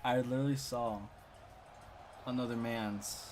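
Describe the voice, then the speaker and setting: A man's voice: mid-range voice, fairly even intonation, measured pace, darkish tone, soft background music. A young man casually telling a funny school story on a live stream, rambling with lots of repeats and chuckles.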